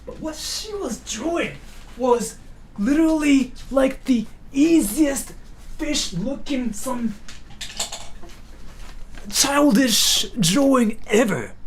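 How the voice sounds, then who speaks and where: Young guy streaming, gravelly voice, bounces all over in pitch, rambly, faint noise behind. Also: slow, pauses often. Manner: rambling, animated, many "like" fillers. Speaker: livestream host. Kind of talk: casual storytelling chat.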